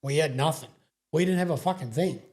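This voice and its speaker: A middle-aged man with an Australian accent spins long, rambling stories in casual talk. His voice is husky and darkly mellow, and he swears freely and stumbles back over his own sentences. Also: on the high side, fairly quick. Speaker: guest, sprintcar racing veteran. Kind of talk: casual storytelling interview.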